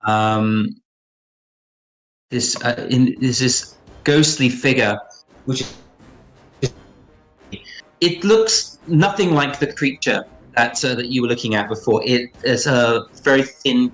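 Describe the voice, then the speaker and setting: A man narrating as game master of a tabletop game, halting with many fillers and restarts. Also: medium pitch, a bit bright, low-quality recording. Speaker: dungeon master. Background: faint background music.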